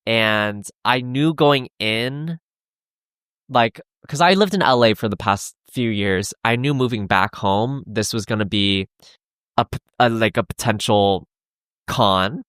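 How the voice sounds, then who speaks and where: A young adult man hosting a solo podcast, talking earnestly in a halting way with many restarts and fillers. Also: lowish voice, a bit bright, clear, resonant tone, no echo, clean studio sound. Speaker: podcast host. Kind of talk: solo confessional podcast talk.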